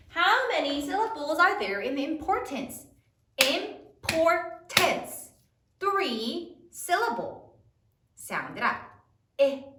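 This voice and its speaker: Lady teacher doing a spelling lesson for little kids, high bright voice, echoey room a bit off mic. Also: far from the mic. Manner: slow, sing-song, sounding out letters. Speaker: elementary school teacher. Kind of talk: spelling lesson to third graders.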